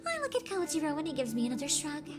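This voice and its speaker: A young woman streaming a game, chatting casually with giggles and quick asides. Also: high-pitched, very animated, loud music behind the voice. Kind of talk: casual let's-play commentary.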